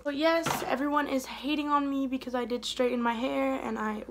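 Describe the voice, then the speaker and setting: A young woman chatting casually while doing her makeup for a beauty vlog, rambling and trailing off softly mid-thought. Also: high voice, steady tone, moderate pace, noisy background. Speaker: beauty vlogger. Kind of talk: casual get-ready-with-me chat.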